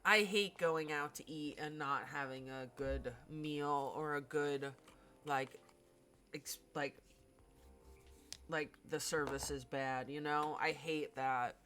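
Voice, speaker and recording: A woman's voice: deep voice, steady tone, slow, fairly bright tone. A woman streamer chatting casually with her viewers while playing, in a talkative way with lots of fillers. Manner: chatty, filler-heavy, talks to chat.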